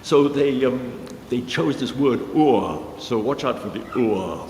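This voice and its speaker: A man musician telling a rambling story in a casual way, pausing with fillers. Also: mid-range voice, lively intonation, a little mellow, a little hiss or hum. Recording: reverberant hall with guitar music.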